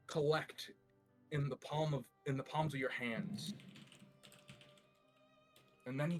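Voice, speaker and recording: A man narrating a tabletop game as game master, animated and descriptive. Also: medium pitch, measured pace, long pauses, soft background music.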